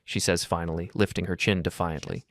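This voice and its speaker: A man narrating a first-person story in a calm, measured, coolly detached way. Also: deep voice, no echo.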